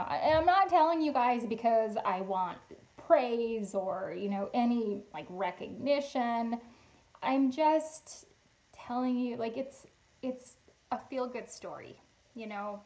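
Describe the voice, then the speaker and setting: A woman's voice: on the high side, low-quality recording. A woman vlogger casually telling personal stories, acting out the voices of the people she met. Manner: chatty, animated retelling with quoted dialogue. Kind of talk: casual storytime chat.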